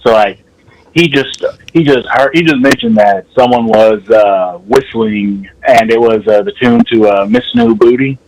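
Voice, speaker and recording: A man's voice: mid-range voice, unhurried, rough recording. A man calling in to a podcast over the phone, chatting casually and rambling until he loses his train of thought. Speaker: caller. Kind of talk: casual chat. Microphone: phone with earbud, then speakerphone.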